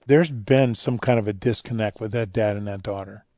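A man speaking as a guest in a radio interview, telling stories earnestly and dropping quiet for the emotional parts. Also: on the low side, moderate pace, dry recording, studio quality. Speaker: guest speaker on fatherhood and faith.

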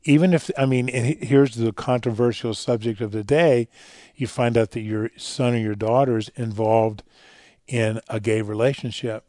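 A man speaking as a guest in a radio interview, telling stories earnestly and dropping quiet for the emotional parts. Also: medium pitch, steady tone, moderate pace, no echo, clean studio sound. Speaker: guest speaker on fatherhood and faith.

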